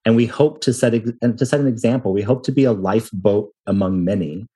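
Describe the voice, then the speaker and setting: A man's voice: lowish voice, quick pace, mellow, husky. A man in his thirties, a hotel company founder, telling self-deprecating stories in a casual interview and laughing often.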